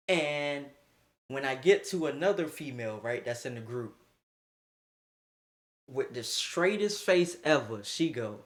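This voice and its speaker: A young man streamer telling a wild story to his chat, animated and laughing, with sudden high-pitched outbursts. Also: measured pace. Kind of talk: casual storytime livestream.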